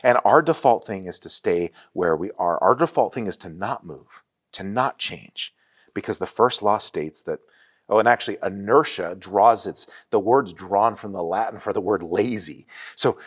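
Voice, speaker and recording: A man in his forties preaching a sermon in a church, telling stories in an animated way with frequent restarts. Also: lowish voice, moderate pace, breathy edge. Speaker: pastor. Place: church sanctuary.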